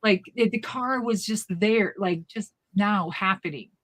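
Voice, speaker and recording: A woman co-hosting a live stream chat, telling lively family stories and loudly acting out the people she quotes. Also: medium pitch, unhurried. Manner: animated, acts out quoted voices loudly. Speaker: co-host. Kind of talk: casual storytelling chat. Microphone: live stream, remote.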